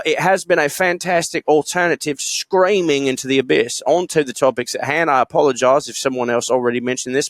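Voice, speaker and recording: A man's voice: fairly high pitch, fairly bright tone, dry recording. A man co-hosting a podcast, reading listener emails aloud in a loose, jokey way, laughing and swearing as he goes. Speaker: podcast co-host.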